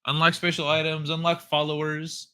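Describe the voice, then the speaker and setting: Bright-voiced joking young stream host. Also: male voice, fairly high pitch, monotone, normal speed, smooth. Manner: joking, laughs often, loose slang. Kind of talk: casual late-night stream chat.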